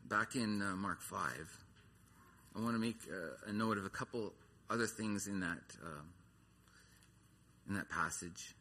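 A man's voice: on the low side, a little slow, pauses often, sharp tone, slight background noise. A man preaching a sermon, earnest, his voice rising and falling in intensity. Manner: earnest, rises and falls in intensity.

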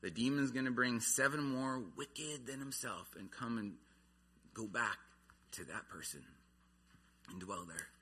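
A man's voice: medium pitch, unhurried, bright, forceful tone, breathy edge. A man preaching a sermon, earnest, his voice rising and falling in intensity. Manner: earnest, rises and falls in intensity.

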